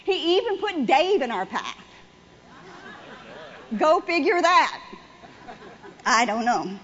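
A woman delivers a sermon in a conversational, repetitive way, driving her points home. Her voice sits high. The recording is dull and lo-fi. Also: big pitch swings, takes it slowly, fairly bright tone. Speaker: church speaker.

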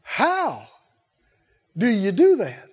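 A male preacher giving a sermon to a congregation, animated and playful, often laughing and acting out scenes. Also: extremely high pitch, very slow, slightly rough, lo-fi sound. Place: church service with congregation.

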